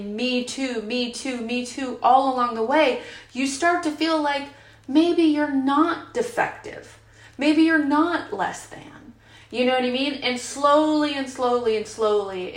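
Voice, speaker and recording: A woman's voice: a little high, fairly bright tone. A woman in her fifties speaking frankly at a recovery group retreat, chatty and full of fillers. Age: 50s. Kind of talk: casual group share. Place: retreat meeting room. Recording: roomy, imperfect recording.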